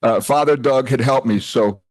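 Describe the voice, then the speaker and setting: With a mid-range voice at normal speed, the retreat speaker, an older man, chats casually in the retreat house hall. He jokes, rambles, breaks into his own sentences and keeps wandering off the subject.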